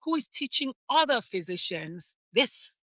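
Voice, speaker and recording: A woman talks as a pediatrician guest, her voice pitched a little high and very bright. She tells her own story candidly and animatedly, repeating phrases for emphasis. The sound is dry and close. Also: sing-song, a little slow, no echo. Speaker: pediatrician and life coach guest.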